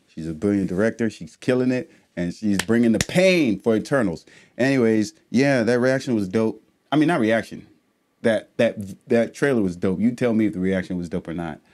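A man hosting a casual reaction vlog, rambling and swearing as he swings between low, mumbled asides and heated, loud outbursts. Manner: rambling, profane, ranting. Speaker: reaction channel host.

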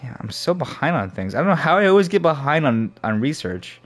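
A man's voice: a little high, sing-song, brisk, fairly bright tone. A young man giving casual let's play commentary, thinking aloud and swearing as he plays. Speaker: gamer. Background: faint game music.

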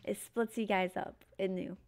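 Upbeat woman streamer with a gravelly edge. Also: medium pitch, fairly even intonation. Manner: chatty and upbeat, quick reactions. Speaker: game streamer. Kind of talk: casual gaming chat with teammates.

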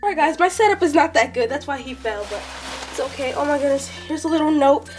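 A female vlogger, gushing and excitable, who is sick and sounds a little off while unboxing a package. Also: high-pitched, fast, faint music behind. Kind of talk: unboxing vlog.

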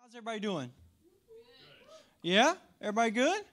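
A man's voice: sits high, big pitch swings, fairly quick, fairly bright tone. A man preaching a sermon in a church as pastor, with a slight country twang, upbeat and chatty, talking to the room and to viewers online. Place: church sanctuary.

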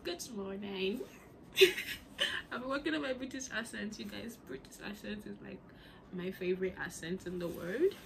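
A woman vlogging in a relaxed, unhurried way, chatty and giggly, often dropping to a half-whisper. Her voice sits mid-pitch. Steady background noise runs behind her. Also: vocal fry. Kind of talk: casual vlog chat. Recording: noisy background ambience.

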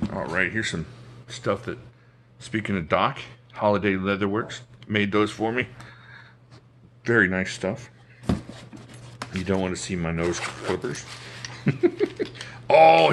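Bright-toned man gushing over his knives. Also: fairly low pitch, slight background noise. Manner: enthusiastic, jokey, chats to himself while handling knives. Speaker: knife collection YouTuber. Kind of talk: casual show-and-tell talk to camera. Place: indoors at home beside a knife drawer.

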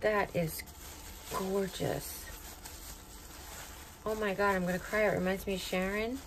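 A woman's voice: mid-range voice, fairly even intonation, unhurried, slight background noise, rough recording. A middle-aged woman chatting casually at home as she opens and reads fan mail, sentimental and talkative. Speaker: vlogger opening fan mail. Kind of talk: casual unboxing chat. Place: home, indoors.

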